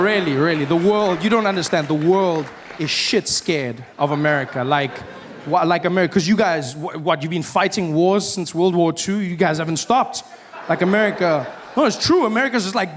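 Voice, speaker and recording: Stand-up comedian with a South African accent, high-pitched and animated, live stage mic with audible audience noise. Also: male voice. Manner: animated, acts out characters with shouting voices.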